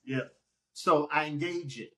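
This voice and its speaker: A man with a fairly high, bright-leaning speaking voice talks as a guest on a podcast. His delivery is preacherly and emphatic, with big swings in pitch as he quotes scripture. He acts out speaking to his own feelings. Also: unhurried. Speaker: pastor and musician, podcast guest. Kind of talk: conversational podcast interview.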